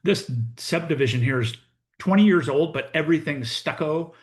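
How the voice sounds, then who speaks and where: A man's voice: on the high side, moderate pace. A middle-aged American man, a real estate coach, telling a story as a monologue and acting out both sides of the conversation. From United States.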